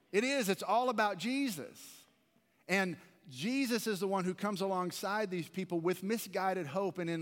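Male pastor, earnest chatty sermon delivery, slightly high voice, long church-hall reverb. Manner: earnest, conversational preaching with repeated restarts. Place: large church sanctuary.

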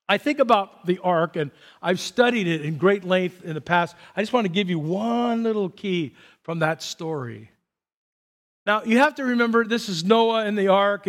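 A man's voice: high-pitched, in a large hall. A man preaching a sermon in a church, talking to the congregation in a conversational way with jokes and asides. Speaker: pastor. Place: church sanctuary.

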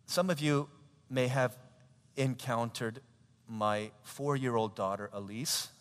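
A man in his thirties preaching a sermon, telling a family story in an animated way, with laughter and acted quotes. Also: mid-range voice, takes it slowly. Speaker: pastor. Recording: long hall reverb.

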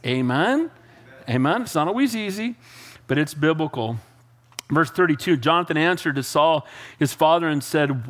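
High-voiced man preaching conversationally. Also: fairly bright tone. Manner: casual, keeps asking the congregation "Amen?". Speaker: pastor. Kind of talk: conversational Bible-teaching sermon.

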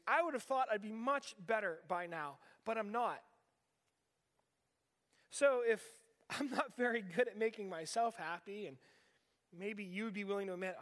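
A man's voice: high voice, a bit bright. A man in his forties from western Pennsylvania, preaching a sermon in a conversational way and asking the audience rhetorical questions. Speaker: pastor. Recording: long reverb of a large hall.

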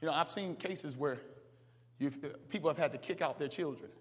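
A man preaching a sermon as pastor, swinging from quiet talk to hollering. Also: fairly high pitch, fairly quick. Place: church sanctuary. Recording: long reverb of a large hall.

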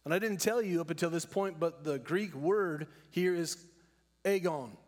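A man preaching with a slightly high voice, earnest and deliberate, slowing on the words he wants to land. His sermon rings with the long reverb of a church hall. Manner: earnest preaching, slows down to stress key words. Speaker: pastor.

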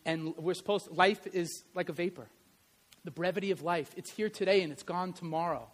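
A middle-aged man preaches with a strikingly high voice. He tells his stories with animation, dropping soft and then building loud again. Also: a little fast. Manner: animated storytelling, varies loudness widely. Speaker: pastor and history teacher. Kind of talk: sermon.

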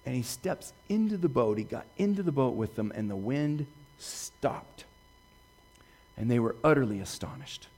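A man preaching a sermon, retelling Bible stories with lively swings from hushed quoting to excited bursts. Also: medium pitch. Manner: animated storytelling, jumping from hushed to excited; quotes scripture slowly and softly. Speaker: pastor.

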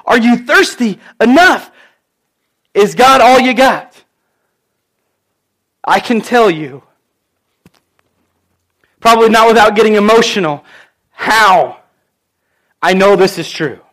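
A man with a notably high voice preaches to his church congregation. He talks earnestly and conversationally, drifting into personal stories as he makes his points. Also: animated, takes it slowly, long pauses, a bit bright. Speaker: pastor. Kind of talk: sermon.

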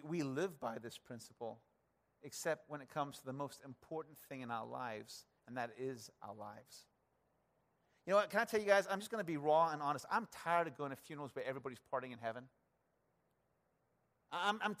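This is a pastor's sermon: earnest and conversational, expressive, and fairly quick. He regularly addresses the congregation head-on, swinging from hushed, low-pitched moments to raised, emphatic ones.

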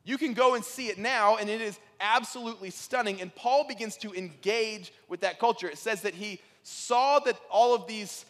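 A man preaching a sermon, telling stories in an animated way that rises to excited peaks. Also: sits high, normal speed, few pauses, in a large hall. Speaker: pastor.

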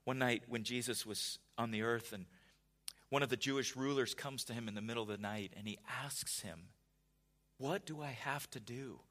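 A male pastor giving a conversational sermon, often restarting words and building to emphatic, louder passages. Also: mid-range voice, moderate pace.

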